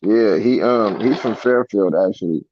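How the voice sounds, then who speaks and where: A man's voice: lowish voice, unhurried, highs cut off, a little hiss or hum. A man talking casual sports as a co-host, laid-back and full of slang. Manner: laid-back slang, says bro a lot.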